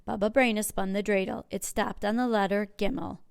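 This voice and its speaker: A woman working as a children's librarian, reading a picture book aloud with clear, expressive storytelling. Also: medium pitch, fairly quick, dry recording, studio quality.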